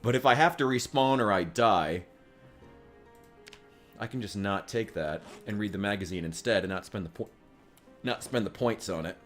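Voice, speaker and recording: A man's voice: fairly low pitch, normal speed, long pauses, a bit bright, soft background music. A man streaming a game, chatting casually in a rambling, joking way, with frequent profanity and restarts. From United States. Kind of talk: casual gaming stream chat.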